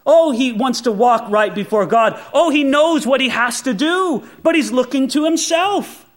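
A man with a fairly high voice delivers a sermon from the pulpit. He talks earnestly, often drawing out and stressing his quotations from scripture. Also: expressive. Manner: earnest preaching, slows and stresses for scripture quotes. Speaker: pastor.

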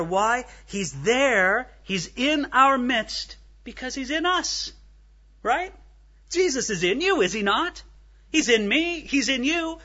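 A man preaching an expository sermon, walking through the text and asking his hearers rhetorical questions. His voice is high and bright. The recording sounds dull and somewhat lo-fi. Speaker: pastor.

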